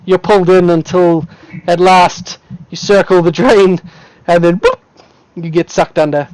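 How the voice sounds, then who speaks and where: Man, game master, lively storyteller, quick to laugh; dry close sound. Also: high-pitched, dry recording, poor audio. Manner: casual, laughs often, vivid storytelling. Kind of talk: narrating a tabletop game.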